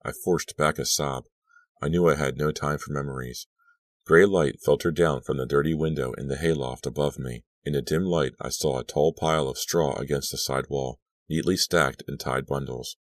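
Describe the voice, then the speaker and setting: An audiobook reader with an extremely deep male voice narrates a horror story in the first person, measured, dramatic and steady in tone. The sound is close and dry, with no room sound whatsoever.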